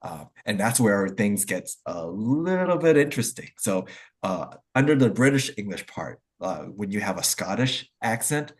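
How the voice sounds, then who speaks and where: A man hosting an online English conversation call, talking in a relaxed, hesitant way with lots of fillers and restarts. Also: fairly low pitch, normal speed, breathy edge. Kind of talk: casual group video call chat.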